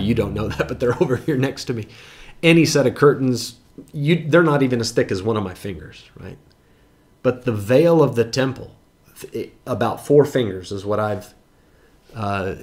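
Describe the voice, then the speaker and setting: A man leads a Bible lesson, reading verses and then unpacking them in a loose, conversational way. He talks straight to his listeners from a home setup with a desk mic, with a voice of ordinary pitch. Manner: conversational, explains scripture verse by verse with asides. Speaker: Bible teacher. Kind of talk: Bible teaching.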